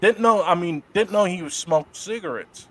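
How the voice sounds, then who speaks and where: A middle-aged man telling wrestling stories in a casual interview, profane and lively. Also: high voice, moderate pace. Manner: profane, animated storyteller doing voices of others in quotes. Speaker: guest, wrestler.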